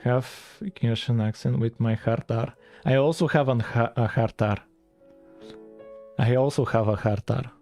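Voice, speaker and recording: A man with a mellow, relaxed voice and a French-tinged accent, streaming while he codes. He rambles and chats loosely with his viewers, full of fillers. Soft music plays faintly behind him. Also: mid-range voice, a little slow. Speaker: game-dev streamer. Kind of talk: casual live-stream chat while coding.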